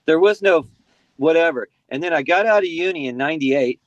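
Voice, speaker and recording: A man's voice: on the high side, lively intonation, a little fast, no echo, dull audio. An American man in his forties from San Diego, talking as a podcast guest in a loose, rambling way full of "you know" and restarts. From San Diego, USA. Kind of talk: casual podcast conversation.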